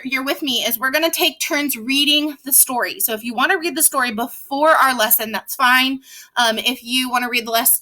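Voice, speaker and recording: Young woman, children's reading teacher, crisp high voice, patient and slow with each word. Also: bright, forceful tone. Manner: patient, explains slowly, stretches words out.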